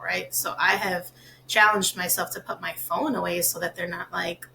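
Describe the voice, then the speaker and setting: A woman podcast host with a low, gravelly voice. She talks in a chatty, relatable way and asks follow-up questions. There is faint noise behind her. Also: steady tone, brisk, bright, forceful tone, low-quality recording. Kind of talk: casual interview conversation.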